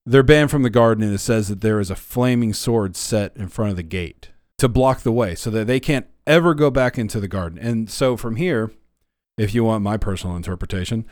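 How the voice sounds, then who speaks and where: A man with a lowish voice talks through a Bible study on a podcast. He retells scripture scenes in plain, conversational words, with the odd filler. The sound is dry and close. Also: brisk, a little mellow, dry recording. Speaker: co-host, former youth minister.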